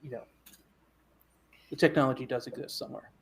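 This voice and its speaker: A man's voice: medium pitch, fairly even intonation, fairly quick. A man hosting a live comedy show, rambling through introductions with many fillers. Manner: rambling, lots of fillers and restarts.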